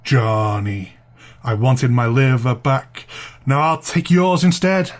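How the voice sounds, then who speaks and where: A man voicing a vengeful corpse that calls out in a slow, sing-song chant. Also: mid-range voice, natural voice. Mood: menacing. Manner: slow, drawn-out calling.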